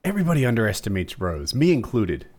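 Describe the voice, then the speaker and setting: A man's voice: fairly low pitch, sing-song, quick pace, darkish tone. A man in casual podcast chat, hedging his facts and laughing as he does impressions.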